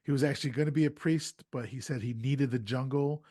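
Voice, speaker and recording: A man hosting a podcast, casually retelling a movie plot and tossing in quick acted quotes. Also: mid-range voice, dark tone, no echo, studio quality. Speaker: podcast host. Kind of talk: casual movie recap chat.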